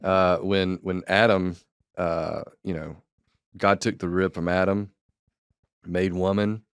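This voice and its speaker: A Southern pastor chats as a podcast guest in an easygoing, earnest way. His voice sits very deep, and the recording is close and dry. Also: little pitch movement, slow, creaky, clear, resonant tone, dry recording. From Georgia. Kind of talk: casual chat.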